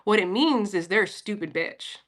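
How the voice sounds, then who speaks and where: A woman's voice: medium pitch, expressive, moderate pace, fairly bright tone. A woman from Philadelphia giving a casual, profane pep talk on a livestream and answering her chat. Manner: blunt, profane, talks straight to chat.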